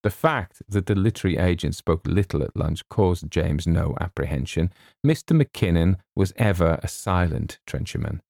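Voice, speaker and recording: Male narrator, very deep voice, gravelly, mellow tone, dry close mic. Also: animated, normal speed, no room sound. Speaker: audiobook narrator. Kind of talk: storybook narration.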